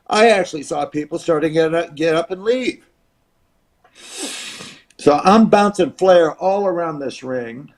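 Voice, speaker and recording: A man in his seventies from the United States, a retired wrestler telling an animated anecdote as an interview guest. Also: fairly high pitch, a little slow, pauses often. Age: 70s. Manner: animated, acts out quoted voices and crowd noise. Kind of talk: storytelling anecdote.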